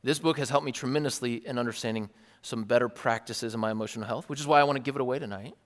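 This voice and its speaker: A man preaching a sermon in a church hall, talking casually and earnestly with animated, wry asides. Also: medium pitch, rapid-fire. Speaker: pastor. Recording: long hall reverb.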